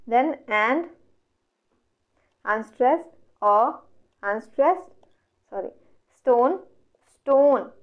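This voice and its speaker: A woman with an Indian English accent teaching an online exam revision lecture, working through questions step by step and asking herself questions that she then answers. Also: a little high. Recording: dull lo-fi audio.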